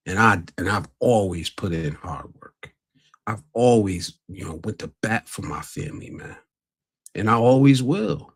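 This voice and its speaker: A man's voice: fairly low pitch, big pitch swings, unhurried, breathy edge. A man hosting a casual livestream, talking bluntly and earnestly to his viewers. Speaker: livestream host.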